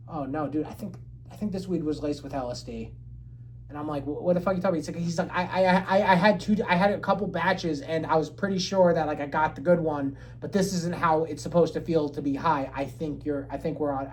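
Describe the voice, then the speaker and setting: Male podcast storyteller, animated and foul-mouthed, with a lively delivery. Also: a little hiss or hum, rough recording. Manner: animated, swears a lot, jumps high when quoting himself. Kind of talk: casual chat, storytelling.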